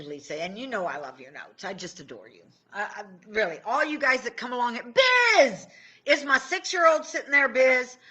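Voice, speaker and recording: A middle-aged woman from Indiana coaching viewers through a casual livestream from home. Her voice is bright and forward, and she chats, jokes and breaks off her own sentences. It sounds like a phone or webcam picking her up indoors. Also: mid-range voice. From Indiana, USA. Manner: chatty, joking, self-interrupting. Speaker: tapping and law of attraction coach.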